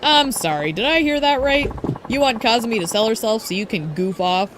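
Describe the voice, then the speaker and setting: Woman reading as a firm, gruff street-brawler hero. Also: a little high, animated, brisk, pitched above the performer's own voice, close to an everyday voice. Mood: stern. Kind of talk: reading game subtitles aloud. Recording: noisy home stream.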